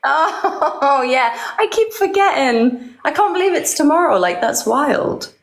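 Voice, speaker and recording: A woman's voice: high-pitched, sing-song, a little slow. A woman in her thirties, a singer being interviewed, chatting casually with a bubbly, giggly manner. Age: 30s. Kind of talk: casual live-stream chat. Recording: echoey room.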